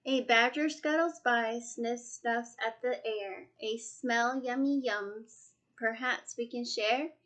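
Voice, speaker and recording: Woman storyteller, rhyming read-aloud, slow and higher-pitched. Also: fairly bright tone. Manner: slow, rhythmic, rhyming delivery. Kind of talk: reading a picture book aloud.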